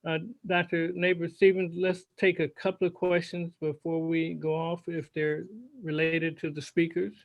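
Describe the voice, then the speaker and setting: Gravelly man hosting a video call. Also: a little high, monotone, dry recording, dull audio. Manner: halting, spells out contact details slowly. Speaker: host of an online health forum. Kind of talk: closing remarks on a video call.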